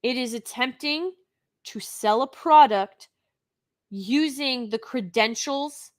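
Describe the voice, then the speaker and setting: A woman's voice: sits high, slow. A woman hosting a live stream, giving an unscripted review in an indignant, emphatic way, with sighs and restarts.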